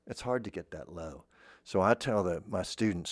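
A man's voice: sits low, moderate pace, dry recording, studio quality. A man in a mock-earnest improvised comedy monologue, playing a voice-acting teacher who rambles and keeps interrupting himself.

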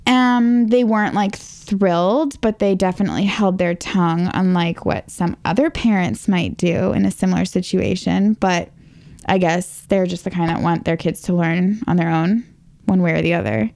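A woman's voice: fairly low pitch, steady tone, moderate pace, gravelly, darkish tone. Chatty young woman telling a story. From Northern Virginia, USA. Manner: chatty, self-mocking, fills speech with "like". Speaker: interview guest. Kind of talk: casual personal storytelling.

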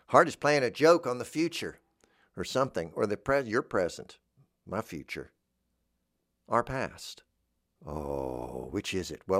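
A man's voice: on the low side, dry recording, clean studio sound. A man doing a rambling comic monologue, drifting between topics and dropping in silly voices for the people he quotes. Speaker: comedian.

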